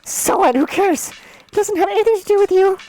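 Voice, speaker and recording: A woman's voice: extremely high pitch, a little fast, dark tone, voice pushed up. A woman voicing a haughty, defensive young female alien celebrity who argues indignantly, read aloud from a video game. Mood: defiant.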